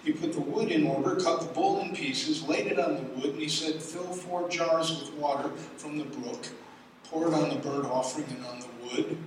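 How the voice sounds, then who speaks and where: A man preaching a sermon, reading scripture dramatically and building to loud exclamations. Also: a little high, moderate pace, a little hiss or hum. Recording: echoey hall from far off.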